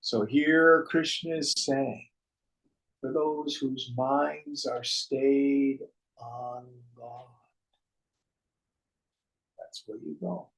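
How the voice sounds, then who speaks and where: A man teaching a scripture class to a group, talking slowly with dramatic pauses and now and then acting out quotes. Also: medium pitch, fairly even intonation, vocal fry, poor audio. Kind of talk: spiritual talk to a group.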